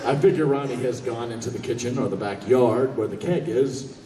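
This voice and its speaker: A man telling a comic story on stage in a convention hall, animated, profane and laughing. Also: medium pitch, brisk, a crowd in the background. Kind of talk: stand-up storytelling. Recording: echoey hall from far off.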